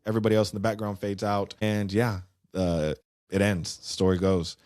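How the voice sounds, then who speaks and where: A man co-hosting a podcast, casually recapping a musical's plot in an animated, slangy way. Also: on the low side, normal speed, no echo, studio quality. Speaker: podcast co-host.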